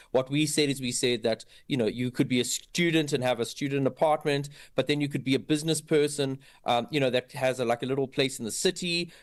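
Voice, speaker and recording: A man's voice: medium pitch, no echo. Hesitant male guest, dry sound. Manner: hesitant, full of fillers. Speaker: creative director guest. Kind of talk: radio interview.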